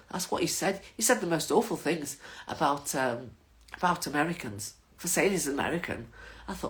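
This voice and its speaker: A woman's voice: sits low, animated, a little fast. An older woman, chatting casually to her viewers in a rambling, waffling monologue as the host of her own vlog.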